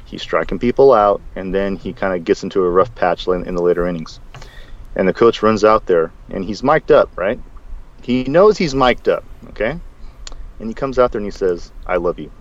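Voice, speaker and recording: A man co-hosting a podcast in casual chat, rambling and animated, with many restarts. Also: deep voice, normal speed. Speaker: podcast co-host. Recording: dull, lo-fi sound.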